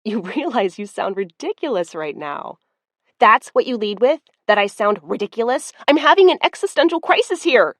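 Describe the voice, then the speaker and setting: A woman voicing a flustered, proud young woman who talks in rushed, agitated bursts in an audiobook. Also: medium pitch, big pitch swings, darkish tone, no room sound, studio quality. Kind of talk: audiobook character voice.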